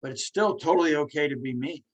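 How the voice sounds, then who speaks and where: A man's voice: a little high, quick pace, low-quality recording. A man hosting a podcast, talking casually and encouragingly while he stutters, repeating words and restarting. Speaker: podcast host.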